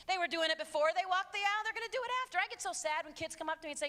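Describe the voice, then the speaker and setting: A woman's voice: very high voice, very fast, bright, forceful tone. A middle-aged woman, a counselor from the United States, giving an emphatic, blunt and joking live talk to students and their parents. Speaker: speaker and counselor. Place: large hall with an audience. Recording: long hall reverb.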